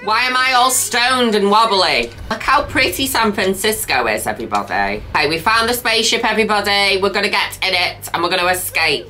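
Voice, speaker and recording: A woman commentating her own gameplay in a campy, exclamatory way, jumping from squeals of excitement to low muttered asides. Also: a little fast, few pauses, slight background noise. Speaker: gaming video host. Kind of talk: let's-play commentary.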